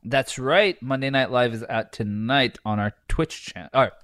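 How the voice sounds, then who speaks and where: A man's voice: mid-range voice, moderate pace, a bit bright, no room sound. A man co-hosting a podcast, chatting casually and reading aloud while laughing through his lines and swearing. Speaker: podcast co-host.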